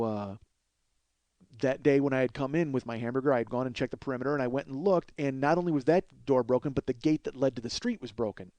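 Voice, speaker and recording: A man's voice: medium pitch, darkish tone, no echo. A man in his forties hosting a podcast, telling a rambling, profane story in a comic monologue full of exasperated asides. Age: 40s. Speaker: podcast host.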